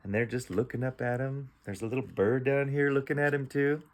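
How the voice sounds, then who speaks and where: A man's voice: medium pitch, fairly even intonation, a little fast. A man teaching reading. He sounds out letters one at a time and then blends them into words. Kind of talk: slow phonics read-aloud lesson.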